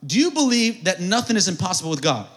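A high-pitched man preaching to a congregation. He calls for answers and repeats key lines. His voice swells into shouted, fervent peaks. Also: sing-song, quick pace. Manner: call-and-response preaching, builds to shouted climaxes; acts out prayers in a mumbled comic voice. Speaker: pastor. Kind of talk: sermon.

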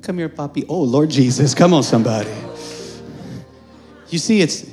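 A male pastor preaches a sermon in church, urging the congregation to answer back as he swings between hushed asides and shouting. His voice sits a little high with lively intonation at a normal speed, over soft background music.

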